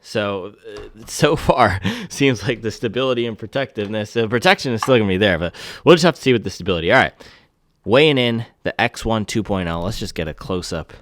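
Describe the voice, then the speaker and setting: A man hosting a casual shoe review, talking excitedly and breaking into slangy exclamations. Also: fairly low pitch, fairly quick, no room sound. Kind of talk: casual product review vlog.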